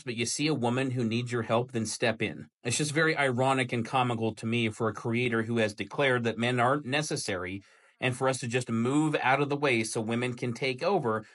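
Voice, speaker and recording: A man's voice: medium pitch, a bit bright. A man making a reaction video, lecturing with heavy sarcasm. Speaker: video creator. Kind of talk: reaction commentary.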